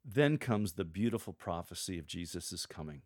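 A man coaching church lectors in a measured, scripted teaching style, reading sample lines aloud to show how they should sound. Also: low-pitched, animated, darkish tone, no room sound, clean studio sound.

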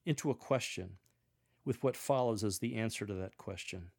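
A man giving measured, earnest instruction on how to read scripture aloud to a congregation. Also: mid-range voice, a little mellow. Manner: measured, earnest, with demonstrated readings. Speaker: lector coach.

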